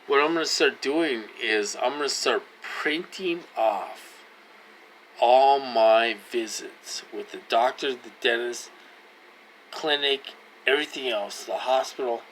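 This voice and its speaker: A man in his forties with a bright, sharp-edged voice talks slowly and deliberately to his viewers. He is earnest and pleading, and he keeps repeating himself as he presses each point, with a faint hum of noise behind him. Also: medium pitch, poor audio. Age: 40s. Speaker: vlogger. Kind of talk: casual direct-to-camera talk.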